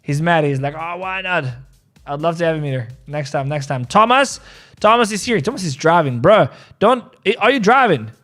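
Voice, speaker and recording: A man hosting a casual live-stream about crypto trades, excitable and repetitive. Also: on the high side, moderate pace, faint music behind. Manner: excitable, repeats himself, calls people bro.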